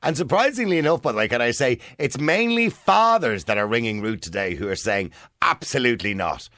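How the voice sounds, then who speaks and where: A man's voice: medium pitch, fairly quick, dry recording, clean studio sound. A man in his forties with an Irish accent, hosting a radio phone-in in casual, joking chat and laughing often. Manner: jokey, laughs often, lively. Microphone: studio microphone.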